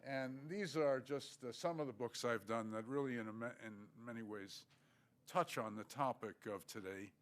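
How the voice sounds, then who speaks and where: An older man giving an academic lecture, measured and halting, with many fillers. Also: medium pitch, a bit bright. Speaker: guest lecturer.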